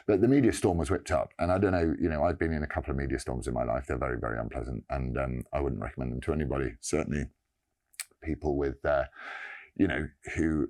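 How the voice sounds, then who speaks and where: A man giving an earnest personal statement, halting and pausing often. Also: rumbling low, darkish tone. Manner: halting, earnest, many pauses and restarts.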